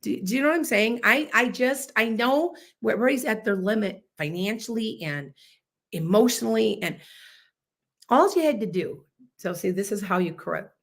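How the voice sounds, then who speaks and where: Woman host in her fifties, loud, boisterous, casual live chat storyteller. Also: on the high side, expressive, normal speed. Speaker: podcast host.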